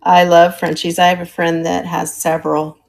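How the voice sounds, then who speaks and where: This older woman, a retired teacher turned live-stream auction seller, is chatty and friendly, describing vintage items and stopping occasionally to hunt for words. Her lowish voice is a little mellow, with vocal fry, little pitch movement and a moderate pace.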